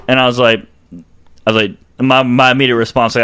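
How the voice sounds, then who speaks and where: Fast-talking profane man. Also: medium pitch, flat delivery, fairly bright tone, a little hiss or hum. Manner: rapid, profane, repetitive "I was like" storytelling. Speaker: podcast co-host. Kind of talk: casual storytelling chat.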